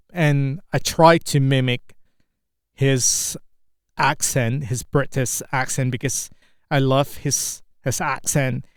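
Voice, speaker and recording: A man with an Indonesian accent, a native Indonesian speaker, talking through an unscripted English speaking practice, halting and searching for words. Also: medium pitch, smooth, no room sound, studio quality.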